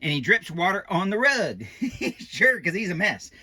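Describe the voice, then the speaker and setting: A man's voice: high voice, big pitch swings, normal speed, sharp tone, no echo, clean studio sound, heavily acted. Een praatgrage oude animatronic-pop, gespeeld door een man, leest een prentenboek voor en dwaalt steeds af met volkse opmerkingen. De stem is hoog en springt levendig op en neer. Droog en dichtbij opgenomen. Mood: chatty. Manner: folksy, rambling asides, loose grammar. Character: folksy old male animatronic doll storyteller. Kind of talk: reading a children's picture book aloud.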